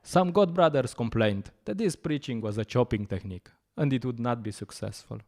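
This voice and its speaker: A man giving a scripture class, telling stories in an animated way, often laughing and pausing with fillers. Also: mid-range voice. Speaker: lecturer at a temple program.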